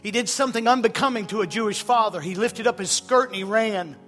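A man's voice: sits high, fast talker. A male pastor preaching an impassioned sermon in a church hall, full of rhetorical questions. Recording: reverberant hall with soft music.

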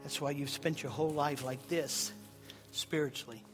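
A man's voice: fairly high pitch, steady tone, normal speed. A male pastor preaching an impassioned sermon in a church hall, full of rhetorical questions. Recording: reverberant hall with soft music.

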